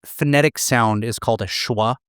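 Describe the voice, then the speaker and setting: A man's voice: medium pitch, moderate pace, clean tone, no room sound, studio quality. An American man co-hosting a podcast, explaining things casually and with enthusiasm. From USA. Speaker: podcast co-host.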